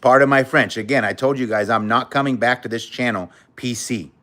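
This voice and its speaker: A man's voice: mid-range voice, fairly quick, fairly bright tone. Blunt, outspoken man streaming live. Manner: blunt, outspoken, cursing freely; earnest, emotional and candid. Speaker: livestream host. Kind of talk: casual livestream chat, reading viewer comments.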